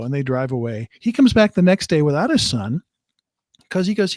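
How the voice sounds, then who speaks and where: A man's voice: high voice, very animated, fairly quick, no echo, clean studio sound. A man co-hosting a casual film review, retelling the plot in a rambling way with restarts.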